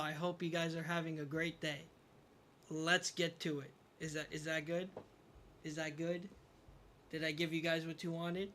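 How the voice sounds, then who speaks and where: A man's voice: a little high, level tone, moderate pace, a bit bright, a little hiss or hum. A young man streaming a game, casually commenting to his chat, frustrated, swearing and mocking himself. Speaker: gaming streamer.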